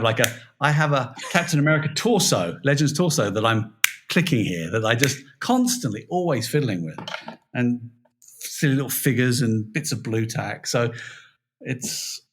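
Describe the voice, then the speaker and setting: A man's voice: mid-range voice, moderate pace, slight background noise. Chatty British man, podcast guest. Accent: British English. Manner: chatty, self-deprecating, lively. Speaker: toy design director, podcast guest. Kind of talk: casual podcast interview.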